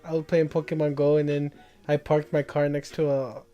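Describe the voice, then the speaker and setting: A man's voice: fairly high pitch, flat delivery, moderate pace, lo-fi sound, soft background music. A young man casually telling a long, rambling story to friends, laughing as he goes.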